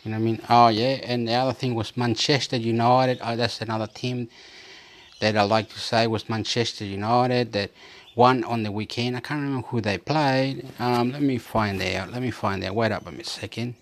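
A man's voice: medium pitch, fairly even intonation, moderate pace. A man from Chile talking in a rambling, repetitive casual monologue, reading bits aloud from a screen as he goes.

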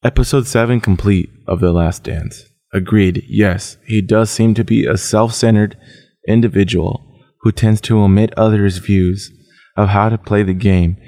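A man's voice: lowish voice, steady tone, moderate pace, dark tone. A young man hosting a podcast, telling profane, casual stories full of dude and bro. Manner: profane storytelling, says dude and bro a lot. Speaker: podcast host. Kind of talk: casual chat.

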